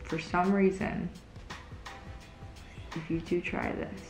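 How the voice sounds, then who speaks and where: Chatty young woman, gravelly voice. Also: fairly low pitch, flat delivery, slow pace, roomy sound, music in the background. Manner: chatty, easily grossed out, exclaiming. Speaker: vlogger. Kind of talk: casual product-testing vlog.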